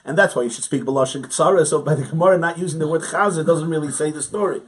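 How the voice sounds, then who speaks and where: A man's voice: a little high, fast. Man giving a chatty Talmud class. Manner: conversational, asks rhetorical questions, chuckles often. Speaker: rabbi teaching a Talmud class. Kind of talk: informal study-hall lecture. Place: study hall.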